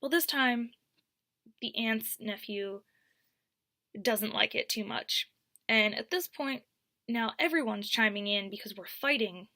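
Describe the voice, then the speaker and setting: A young woman telling a storytime vlog, animated, dropping to whispers and then rising to loud bursts. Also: fairly high pitch, measured pace, pauses often, no room sound, studio quality. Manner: animated, swings from whispers to near-shouts. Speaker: vlogger.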